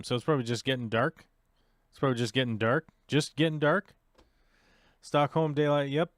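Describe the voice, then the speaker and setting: A man's voice: medium pitch, moderate pace, pauses often, no room sound, clean studio sound. A man hosting a casual livestream chat in a playful way, thinking aloud and joking at himself. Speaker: livestream host.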